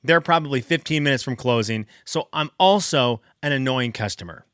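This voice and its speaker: A man in his thirties, a podcast host, telling a casual story in an animated, exasperated way with big jumps up in pitch for emphasis. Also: normal speed, clean tone, no echo, studio quality.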